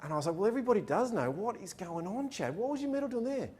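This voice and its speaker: A man giving a motivational talk, acting out the people in his stories. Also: fast. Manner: animated, acts out dialogue in his stories. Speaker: motivational speaker. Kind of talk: storytelling keynote talk. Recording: echoey room with faint rumble.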